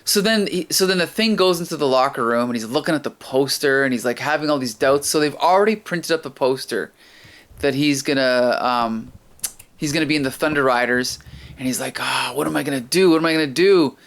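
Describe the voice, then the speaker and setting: A man co-hosting a casual podcast, retelling a comic in a rambling, animated way with laughs. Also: mid-range voice, a little fast. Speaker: podcast co-host.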